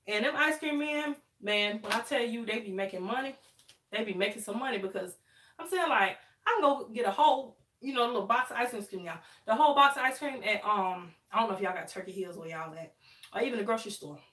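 A woman's voice: on the high side, fast, a bit bright. A woman in her thirties chatting casually with viewers on a live stream while doing her hair, talking to them as y'all. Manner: chatty, addresses viewers as y'all, dialect grammar. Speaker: livestream host. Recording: echoey room, mic at a distance.

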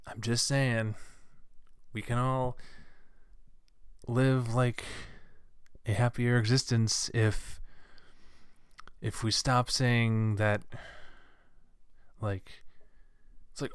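A man's voice: medium pitch, little pitch movement, extremely slow, long pauses, clean tone, no room sound, studio quality. A young man hosting a solo podcast, ranting with many restarts and fillers. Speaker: podcast host.

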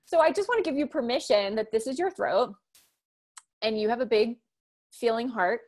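A woman's voice: on the high side, moderate pace. A woman in her thirties, a communication coach, talking emphatically and animatedly in an interview. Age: 30s. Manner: emphatic, animated storytelling with acted-out quotes. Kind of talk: interview conversation.

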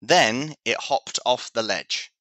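A man, an English teacher, slowly reading a children's storybook aloud for learners. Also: medium pitch, bright, forceful tone, no echo. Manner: slow, clear storytelling.

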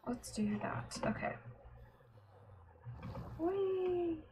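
Slow, murmuring woman streamer. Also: on the high side, background noise. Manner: muttering to herself, trailing off, often half-whispered. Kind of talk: casual gameplay commentary.

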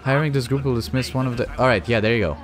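A man's voice: medium pitch, very fast, loud music behind the voice. A young man with a Russian accent giving profane, mocking let's-play commentary. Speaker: gaming channel host.

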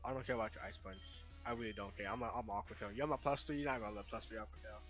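A young man commentating his own video game playthrough with loud, exasperated outbursts and slangy talk. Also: lowish voice, steady tone, racing, faint music behind. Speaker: let's play host. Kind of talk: gaming commentary.

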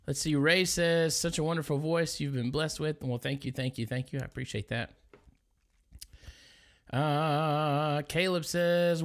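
A man's voice: on the high side, fairly even intonation, a little slow, pauses often. Laid-back southern guy from louisiana reading comments on his stream, takes his time. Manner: easygoing, reads viewer comments aloud. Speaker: livestream gospel singer. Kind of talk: casual livestream chat with viewers.

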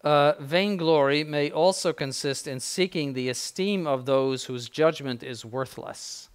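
A man's voice: on the high side, unhurried, clean tone. An older man, a bishop, giving an informal spiritual conference in a blunt, conversational way with frequent asides.

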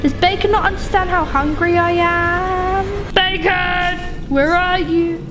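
A young woman giving excitable gaming commentary, shrieking and pleading with characters on screen. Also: extremely high pitch, unhurried. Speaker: gaming YouTuber. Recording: game music behind voice. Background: music.

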